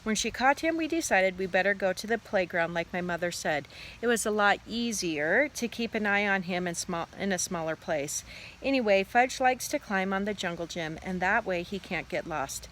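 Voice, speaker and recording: A woman's voice: mid-range voice, moderate pace, slight background noise, poor audio. Chatty woman teacher reading aloud outside. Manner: relaxed, chatty, expressive reader. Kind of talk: reading a children's book aloud. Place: outdoors.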